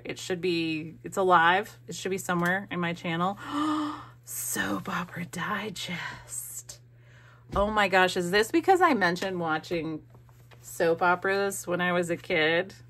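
A woman's voice: on the low side, fairly bright tone. A woman craft vlogger opening mail, who gushes, gasps and thinks aloud as she goes. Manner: gushing, gasping, thinking aloud. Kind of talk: casual unboxing chat.

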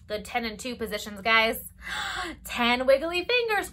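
A woman's voice: fairly high pitch, expressive, moderate pace, bright, forceful tone. A young adult woman, a children's librarian leading a baby story time with rhymes and a picture book, talking in a playful, exaggerated sing-song with gasps and whispers.

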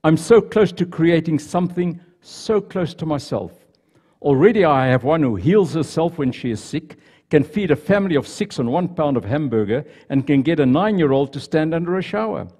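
A man voicing God as a patient, proud creator in a read-aloud story, in a gentle storytelling voice. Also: fairly high pitch, animated, normal speed, husky. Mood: fond. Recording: reverberant church hall.

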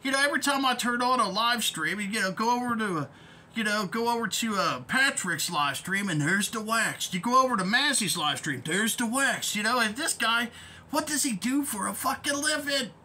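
A man's voice: very high voice, expressive, normal speed, pushed and bright, a little hiss or hum. A man ranting in a vlog as an online commentator, profane, rambling and heated.

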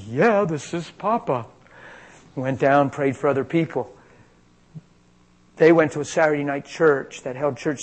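A middle-aged man preaching, telling a healing story in an animated way that jumps high and loud at its peaks. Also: rough recording. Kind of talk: healing testimony sermon.

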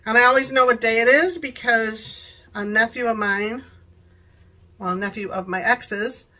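Chatty grandmother with a bright voice. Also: fairly high pitch, measured pace, poor audio. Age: older. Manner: rambling, digressive, chatty; laughs often while talking. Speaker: product haul vlogger. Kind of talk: casual chat. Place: her living room at home.

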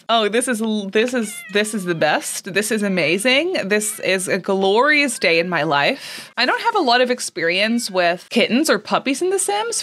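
A woman's voice: on the high side, fairly bright tone. A woman giving casual, bubbly let's-play commentary, gushing often with gasps and laughs. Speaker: gaming YouTuber.

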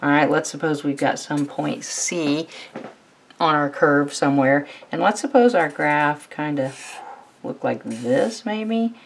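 Low-voiced woman teaching math. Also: slight background noise. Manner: steady, fills pauses with "all right". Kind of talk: whiteboard math tutorial.

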